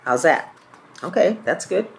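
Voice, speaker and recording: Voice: mid-range voice, animated, unhurried, creaky, slight background noise. Trainer teaching caregivers from a book. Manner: reads examples aloud, repeats and corrects own words.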